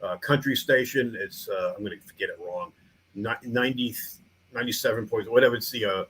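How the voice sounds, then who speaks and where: A man's voice: on the low side, fairly quick, fairly bright tone, slight background noise, low-quality recording. A middle-aged man from New York, a museum founder and small-town mayor, chatting in a podcast interview with many restarts. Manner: rambling, frequent restarts and fillers.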